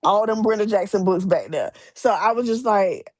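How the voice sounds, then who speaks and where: A woman romance author telling stories in a casual interview, lively and acting out the people she quotes. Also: mid-range voice, normal speed. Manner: animated, acts out quoted voices, many restarts.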